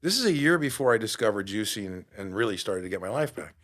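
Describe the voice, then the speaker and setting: Animated New man telling a story. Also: lowish voice, quick pace. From New York. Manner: animated, acts out quoted dialogue. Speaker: podcast host. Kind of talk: storytelling monologue.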